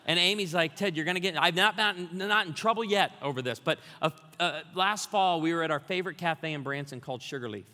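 A man with a high, bright voice preaches a sermon, his words ringing through a long, echoing hall like a pastor speaking to his congregation. He talks a little fast with hardly any pauses, telling funny stories before building up to energetic challenges.

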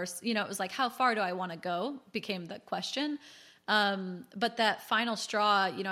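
A woman in her thirties, a guest telling her own story in a candid, chatty way and acting out quotes. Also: mid-range voice. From California. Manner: chatty, animated, acts out quotes. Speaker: guest, business founder.

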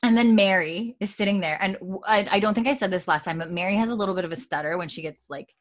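A woman co-hosting a podcast, giggling as she recaps a show and briefly puts on the characters' voices. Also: medium pitch. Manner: giggly, acts out characters' lines in quick voices. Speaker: podcast co-host. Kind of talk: casual podcast recap chat.

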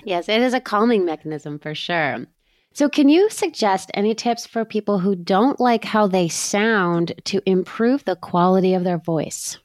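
A woman co-host asking questions and sharing her own experience in an easy, affirming manner. Her voice sits at a middle pitch and sounds dry and close. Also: animated, a little slow, a little mellow, dry recording. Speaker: podcast co-host. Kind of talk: podcast interview.

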